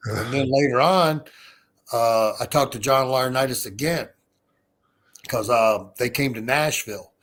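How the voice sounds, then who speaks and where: A man's voice: medium pitch, measured pace. A male podcast guest on a video call, telling a story in casual chat, swearing freely and acting out the dialogue. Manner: profane, animated storyteller who acts out dialogue.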